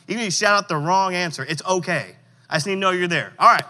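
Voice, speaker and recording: A man preaching to teenagers, calling for answers from the room and reading scripture slowly with emphasis. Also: high voice, bright, forceful tone. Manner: interactive, coaxing audience responses; reads scripture with slow emphasis. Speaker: youth pastor. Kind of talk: sermon. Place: church hall. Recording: long hall reverb.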